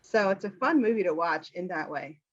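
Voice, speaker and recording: An American woman, an English teacher, chatting casually about a film with animated quoting. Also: fairly low pitch, moderate pace, lo-fi sound. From United States. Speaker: English teacher, channel host.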